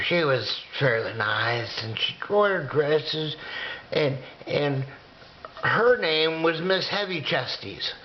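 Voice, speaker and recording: A man in his sixties telling a comic story in a drawn-out, rambling way, sometimes dropping to a whisper. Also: a little high, a little hiss or hum. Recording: dull lo-fi recording.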